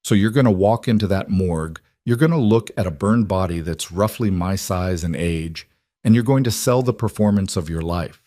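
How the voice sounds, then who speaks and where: A man voicing a cold, controlled young man who gives orders in an even, commanding tone. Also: deep voice, normal speed, no echo, studio quality, natural voice.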